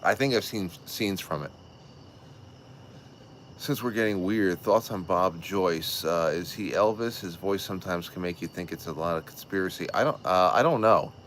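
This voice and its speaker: A man hosting a casual livestream, telling a rambling, excitable story with restarts and swearing. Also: low-pitched, moderate pace, long pauses, slight background noise. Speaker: show host.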